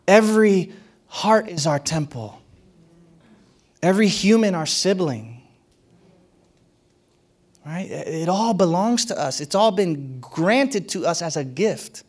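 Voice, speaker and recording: A man's voice: a little high, animated, slow, long pauses. A man preaching a sermon as a pastor, in a conversational and playful way, often laughing and acting out what others said.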